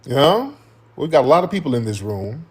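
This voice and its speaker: Combative husky man hosting a livestream. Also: mid-range voice, very animated, brisk, a little mellow. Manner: combative, slangy, swears, addresses chat directly. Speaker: livestream host. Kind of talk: heated livestream commentary.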